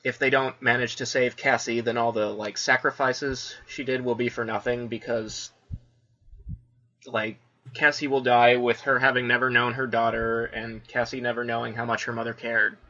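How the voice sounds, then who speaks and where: A podcast co-host reviews a comic casually, laughing often and peppering his speech with "like" and "you know." His medium-pitched voice is bright and forceful but fairly monotone at a normal speed, and the audio sounds dull.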